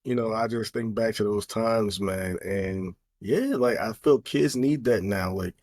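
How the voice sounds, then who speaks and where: A middle-aged man co-hosts a podcast in casual chat, his voice lowish, slightly slow and a little mellow. He talks earnestly and with strong opinions, using plenty of fillers.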